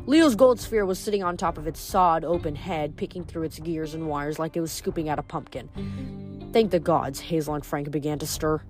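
A woman reading chapters of a novel aloud in steady storytelling narration. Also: low-pitched, fairly quick, faint music behind. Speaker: reader.

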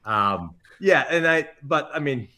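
A middle-aged chef, a man, telling self-mocking anecdotes in a podcast interview, full of quick asides. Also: a little high, lively intonation, pushed and bright. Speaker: chef guest.

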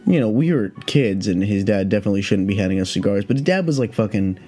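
Low, mellow-voiced man rambling on a podcast. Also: lively intonation, fast talker, faint music behind. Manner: rambling, profane, heavy on "like" fillers. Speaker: podcast host. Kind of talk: casual solo podcast chat.

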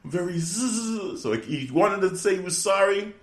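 A man in casual chat, recapping a show and acting out lines in higher voices, laughing often. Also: a little fast, reverberant. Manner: animated storyteller, acts out quotes in higher voices, laughs often. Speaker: podcast co-host.

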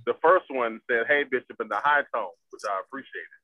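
A man's voice: mid-range voice, a little fast, dry recording, highs cut off. A man, a bishop joining a podcast as guest, teasing the hosts in a mock-stern preacher's manner. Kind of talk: casual chat.

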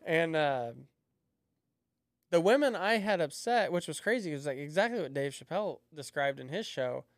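A man in his thirties, a comedian guest on a podcast, tells rowdy, profane stories and mimics the people in them. His voice sits a little high and sounds smooth and resonant. A close studio mic keeps the sound dry. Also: animated, moderate pace, dry recording. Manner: profane storytelling, acts out quoted voices. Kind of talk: casual podcast chat.

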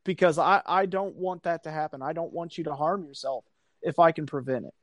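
A man, casually telling a long story on a podcast, animated and profane, acting out the people he quotes. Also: on the high side, brisk, no echo.

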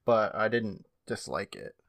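A man's voice: fairly low pitch, animated, unhurried, vocal fry, a bit bright, dry recording, studio quality. A man co-hosting a podcast, casually recapping a TV episode in long run-on sentences and laughing often. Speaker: podcast co-host.

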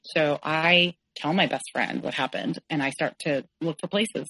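A woman, a podcast guest, telling a personal story frankly, halting and correcting herself with many fillers. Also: low-pitched, a bit bright, poor audio.

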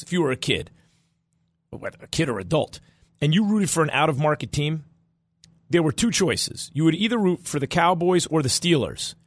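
Husky, animated male sports podcast host. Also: medium pitch, no echo. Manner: animated, wisecracking, jumps between loud and soft. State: slightly losing his voice. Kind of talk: sports talk monologue.

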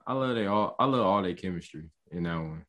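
A man's voice: low voice, lively intonation, brisk, fairly bright tone. A man reacting in casual chat, slangy and laughing often. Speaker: podcast co-host.

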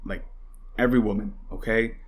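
A man's voice: on the low side, steady tone, moderate pace, slightly rough. A young man hosting a podcast, ranting with heavy swearing and constant fillers, at times mocking his opponents. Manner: heated and rambling, swears often, many fillers; mocks opponents in put-on voices. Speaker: podcast host. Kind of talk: casual political commentary.

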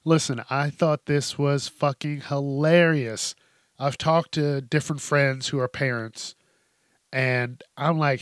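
A man with a mid-range voice speaks slowly and with little pitch movement, recorded dry in studio quality. He's a podcast host on a casual solo rant, blunt and freely profane, laughing often.

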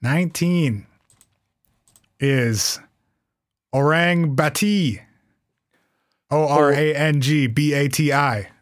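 A man's voice: fairly high pitch, takes it slowly, long pauses, no room sound, clean studio sound. A man hosting a podcast in casual comedic chat, teasing his co-host with a wry, profane humor. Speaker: podcast host presenting cryptids.

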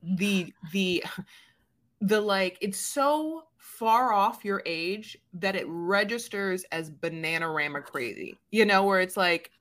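A woman's voice: mid-range voice, lively intonation, slow, fairly bright tone. A woman co-hosting a podcast in casual chat, rambling with many fillers and playfully mimicking people. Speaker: podcast co-host.

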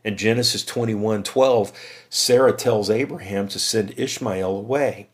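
A man's voice: lowish voice, measured pace. A man teaching the Bible verse by verse on a podcast, asking rhetorical questions and addressing listeners as friends.

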